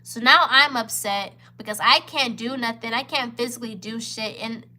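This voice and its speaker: A woman's voice: fairly high pitch, moderate pace, pushed and bright. A woman in her twenties, a vlogger telling a heated, profane storytime to camera, upset and near tears. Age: 20s. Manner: heated, profane, emphatic retelling.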